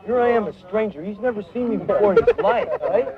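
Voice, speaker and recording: A man's voice: sits high, sing-song, fast, gravelly, over a noisy crowd. A man telling a story in casual, rambling, profane talk, tagging his lines with "right?". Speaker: interviewee. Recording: muffled old film audio with loud street noise.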